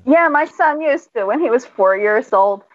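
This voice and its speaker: A middle-aged woman chats as a guest, her voice lively and rising, often breaking into laughter. She sits close to a headset mic, and the audio is dry and a bit dull. Her pitch sits slightly high for a woman. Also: moderate pace, no echo. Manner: laughs often, animated storytelling. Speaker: guest author. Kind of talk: casual chat.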